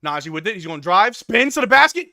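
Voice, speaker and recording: Man, high voice, bright and sharp, dry close sound, live game hype commentary. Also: big pitch swings, fast, vocal fry, no room sound. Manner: hype play-by-play, shouts on big plays. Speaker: live stream watch-along host.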